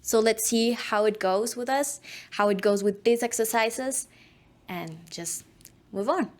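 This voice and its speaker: A woman's voice: on the high side, unhurried. A woman teaching an online voice acting course, speaking in an instructive way and demonstrating diction drills.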